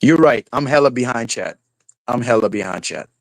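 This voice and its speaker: A young man streaming live who rants and swears, mocking people in a high falsetto now and then. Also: expressive, normal speed, dry recording, rough recording. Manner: ranting, profane, mocking, falsetto mimicry of quotes. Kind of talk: casual live-stream rant.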